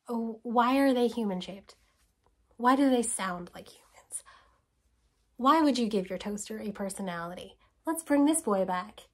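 A woman with a fairly high voice riffs to camera in a casual, sarcastic rant. She asks rhetorical question after rhetorical question and sometimes sinks into an exasperated whisper. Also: expressive, a little slow. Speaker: video essayist host. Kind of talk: casual spoken commentary.

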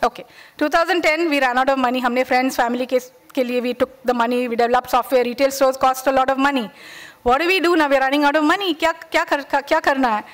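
A woman with an Indian English accent gives a lively, fast-paced motivational talk, her voice pitched high. She tells stories with energy, acts out the voices of the people in them, and often checks in with a quick "right?" or "okay". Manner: storytelling, acts out the voices of callers and customers. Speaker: entrepreneur giving a workshop talk.

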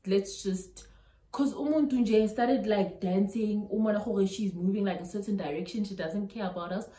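Young south african woman spilling a storytime, lively, switches between english and local words, roomy echo. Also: mid-range voice, a little fast. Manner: animated storytelling, mixing local languages into English. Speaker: YouTuber. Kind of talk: storytime vlog.

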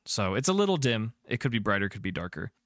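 A man narrating as game master in a tabletop game, chatty and descriptive and filling his pauses with um and uh. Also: on the low side, sing-song, fairly bright tone, no room sound, studio quality.

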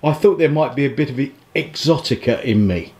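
A man's voice: mid-range voice, expressive, fast talker, a little mellow. A man filming a cooking show from behind the camera, bantering and teasing the host, laughing often. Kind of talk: casual banter.

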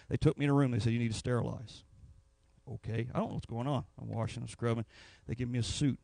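A man's voice: medium pitch, gravelly, no echo. A man preaching a sermon in a church, telling a personal story. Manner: storytelling, rising to anguished shouts. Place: church sanctuary.

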